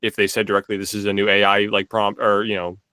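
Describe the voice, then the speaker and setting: A man's voice: lowish voice, monotone, quick pace, bright, forceful tone, dry recording. A young man in casual podcast chat, rambling with lots of filler words and restarts. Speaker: podcast co-host.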